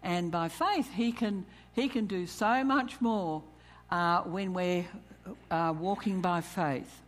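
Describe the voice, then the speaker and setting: Slow-speaking woman preaching. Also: fairly low pitch. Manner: calls questions to the congregation, reads scripture, chuckles. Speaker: church speaker. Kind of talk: sermon on tithing.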